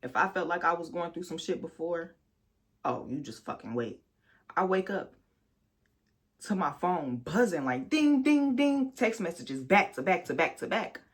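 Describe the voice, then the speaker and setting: A young woman telling a personal story on her vlog, talking frankly and with lots of swearing, speaking straight to her viewers and sometimes bursting into loud, high outrage. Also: expressive, normal speed. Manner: candid, profane storytelling that addresses viewers directly. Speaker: vlogger.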